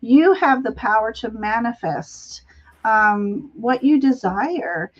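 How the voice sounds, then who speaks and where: A woman host giving a live tarot reading, speaking gently and laughing often between phrases, on dull lo-fi livestream audio. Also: a little high, lively intonation, slow. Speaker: tarot reader and show host.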